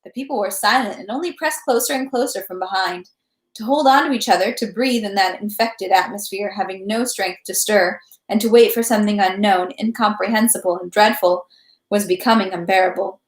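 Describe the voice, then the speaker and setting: A woman reads a classic novel aloud at home in a steady narrating voice, catching small slips as she goes. Her voice sits at a middle pitch. The room gives it a noticeable echo. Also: fairly quick. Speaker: reader. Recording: roomy echo.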